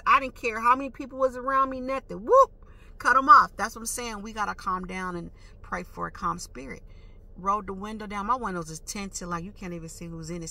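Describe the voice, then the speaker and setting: A woman vlogger tells a story in a casual, animated way, full of emphatic slang and sound effects like "boom" and "whoop." Her voice is creaky.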